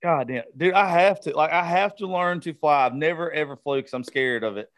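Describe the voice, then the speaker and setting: A man's voice: a little high, brisk, fairly bright tone. A man hosting a podcast in a laid-back, slangy way, often stammering as he starts. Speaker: podcast host. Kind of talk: casual chat.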